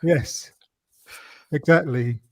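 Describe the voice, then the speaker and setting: Slow, hesitant male podcast host. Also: on the high side, a little mellow. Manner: slow, hesitant, many ums. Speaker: show host. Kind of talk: casual panel chat.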